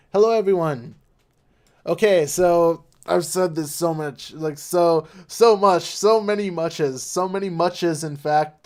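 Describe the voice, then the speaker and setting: Young male streamer, flat low-energy monotone, rambly casual chat, slightly higher voice. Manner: rambling with many fillers and restarts. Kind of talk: casual live-stream chat while gaming.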